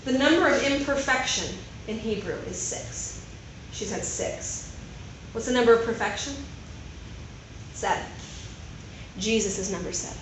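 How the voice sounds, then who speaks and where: A woman preaching to a gathering of Christian women in a chatty, animated way, often checking in with "right?". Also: fairly high pitch, normal speed, long pauses. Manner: conversational, animated, keeps asking "right?". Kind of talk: sermon. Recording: echoey room, faint noise.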